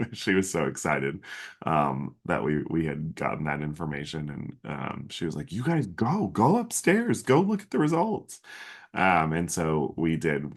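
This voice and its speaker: A man with an extremely low, deep voice tells a personal story on his podcast. He is in his thirties and talks casually and earnestly, full of ums and restarts and plainly moved. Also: gravelly, a bit bright. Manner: earnest, emotional, many fillers and restarts. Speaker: podcast host.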